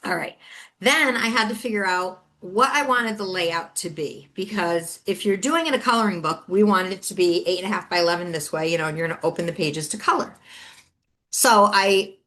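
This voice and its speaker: A middle-aged woman, a podcast host and author, telling a story in a chatty, animated way and acting out the other people's lines. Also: lowish voice, moderate pace. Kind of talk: solo storytelling chat.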